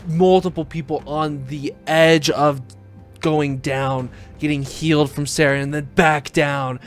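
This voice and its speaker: A man running a tabletop game as dungeon master, describing the action in an unhurried, descriptive way. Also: fairly high pitch, fairly even intonation, faint music behind.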